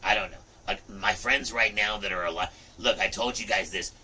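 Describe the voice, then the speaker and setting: A man in his fifties hosting a livestream, chatting casually in an animated, rambling way, often saying "look" and "you know". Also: lowish voice, moderate pace, recorded from a distance, a little hiss or hum, poor audio. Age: 50s. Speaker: livestream host.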